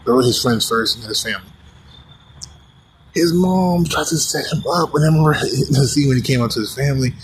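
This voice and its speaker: A man's voice: medium pitch, moderate pace, husky, rough recording. A man from the United States in a casual, profane rant to the camera, rambling with many restarts.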